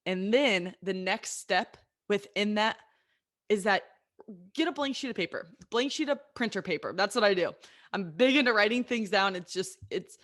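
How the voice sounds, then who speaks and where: A woman's voice: mid-range voice, animated, normal speed, a bit bright. A woman in her late twenties hosting a solo motivational podcast, talking candidly and with energy straight to her listeners. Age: 20s. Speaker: podcast host and coach.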